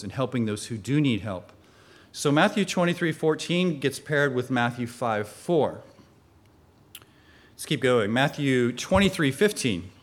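A man teaching a Bible study, explaining the text earnestly and asking rhetorical questions as he goes. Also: medium pitch.

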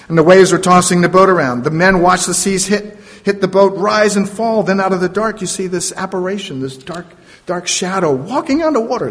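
A man's voice: high voice, brisk. A man preaching a sermon, retelling a story dramatically with playful asides. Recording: long reverb of a large hall.

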